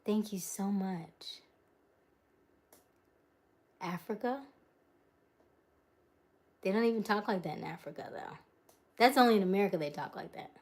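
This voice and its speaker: A woman hosts a relaxed livestream from her home while mid-move, responding aloud to viewer comments. She speaks at a measured pace with frequent pauses, her mid-range voice carrying a darkish tone, and she laughs a lot and lets sentences trail off.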